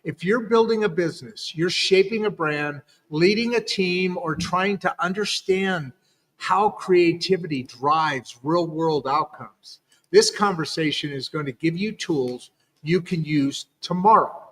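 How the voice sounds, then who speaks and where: A man's voice: on the high side, a little slow, a bit bright, big-room sound. A man hosting an interview show, upbeat and hyping, often repeating his phrases. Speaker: host.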